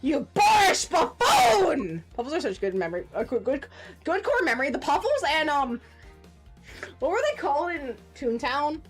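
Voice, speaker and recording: A woman in her forties streaming a game, chatting casually and ranting with profane, animated outbursts. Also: high-pitched, a little fast, soft background music. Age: 40s. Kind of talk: casual gaming stream chat.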